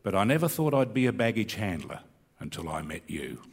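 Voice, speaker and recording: A man's voice: on the low side, very animated, fairly quick, slightly rough. A middle-aged man with an Australian accent, rambling through a stand-up story and reciting a comic bush poem in a laconic way. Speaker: comedian and bush poet. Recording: long hall reverb.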